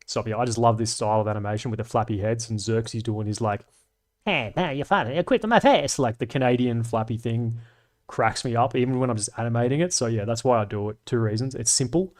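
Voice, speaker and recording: A man's voice: mid-range voice, fast. A man, a streamer and animator, casually rambling and reading chat comments with plenty of swearing. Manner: relaxed, profane, rambling and chatty.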